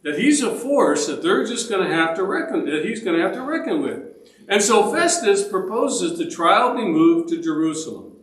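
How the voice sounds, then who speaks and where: A man's voice: high-pitched, very animated, moderate pace, a bit bright, roomy sound, poor audio. A man teaching a church Bible study in a conversational way, often checking in with the group by asking "all right?". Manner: conversational, with restarts and fillers. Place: church meeting room.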